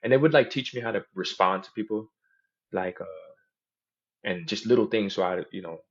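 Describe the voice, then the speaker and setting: A man's voice: fairly low pitch, normal speed, highs cut off. A man hosting a podcast in casual chat, telling stories animatedly and mimicking other people's voices in quotes. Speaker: podcast host.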